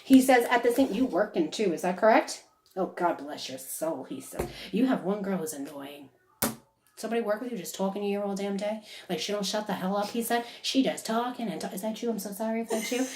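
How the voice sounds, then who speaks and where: A woman working as a psychic medium, giving a chatty conversational reading and relaying quotes in lively bursts. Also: mid-range voice, a little fast, slight background noise. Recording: echoey room.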